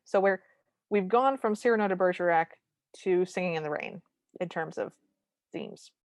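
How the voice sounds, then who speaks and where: Woman, lower voice, podcast co-host, casual movie recap, dry asides, dry close sound. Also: normal speed, no room sound. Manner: narrates plot beats with dry asides.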